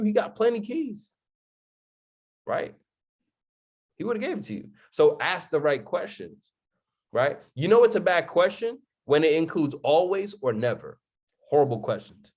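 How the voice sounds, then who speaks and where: A young man giving a motivational talk on a live stream, firing off rhetorical questions, repeating his points and asking "right?" to the chat. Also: medium pitch.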